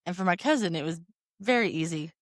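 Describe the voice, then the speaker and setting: A woman co-hosting a podcast, telling a story in a casual, animated way and laughing often. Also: lowish voice, quick pace, dry recording, studio quality. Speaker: podcast co-host.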